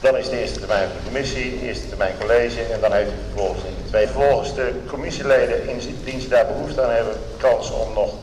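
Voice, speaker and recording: A man's voice: mid-range voice, fairly even intonation, quick pace, few pauses, noisy background. A man chairing a committee meeting, explaining the procedure in a formal, businesslike way. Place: meeting hall. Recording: roomy, distant archive recording of a hall.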